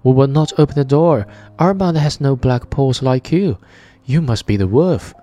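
A man's voice: medium pitch, big pitch swings, unhurried, warm tone, faint music behind. A man voicing a group of small, wary young goat kids in a read-aloud fairy tale. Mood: defiant.

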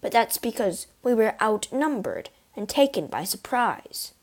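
A slight, prickly young male musketeer, read by a woman. He snaps with wounded pride. A plain storybook voice, lowish in pitch. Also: big pitch swings, normal speed. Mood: indignant. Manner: indignant, snappish.

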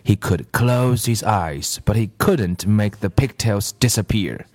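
A man reading a children's story aloud in an expressive, measured manner. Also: fairly low pitch. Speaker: narrator.

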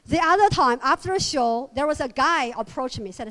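A woman from China, a native Chinese speaker, performing an English stand-up comedy set with a Chinese accent. She delivers deadpan punchlines and acts out quoted dialogue. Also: sits high, measured pace, pauses often, big-room sound. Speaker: guest comedian.

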